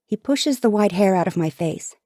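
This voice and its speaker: A woman's voice: mid-range voice, expressive, moderate pace, mellow, dry recording, studio quality. A woman narrating an audiobook in the first person with an intense, dramatic delivery.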